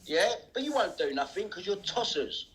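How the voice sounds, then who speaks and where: A man's voice: high-pitched, sing-song, normal speed, a bit bright, rough recording. A man ranting angrily on a livestream, swearing and taunting. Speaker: livestream host. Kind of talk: angry livestream rant.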